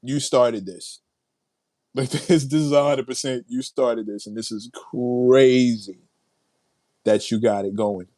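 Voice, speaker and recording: A man's voice: mid-range voice, steady tone, slow pace, mellow, no echo. A man hosting a casual livestream, reacting to viewer comments with hyped, laughing energy, playful slang and lots of repeated phrases. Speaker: livestream host.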